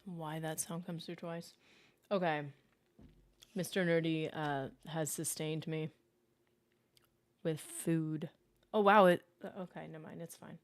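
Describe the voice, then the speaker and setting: A young adult woman hosting a casual gaming livestream, chatty and excitable, reading chat aloud and reacting. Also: deep voice, measured pace, long pauses. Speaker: livestream host.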